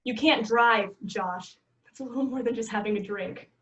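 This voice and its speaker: A woman's voice: on the high side, moderate pace, a bit bright, dull audio, lightly acted. A woman reading the part of a tired, frustrated girlfriend driving at night, firm and scolding, in a table read of a film script. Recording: echoey room, far from the mic.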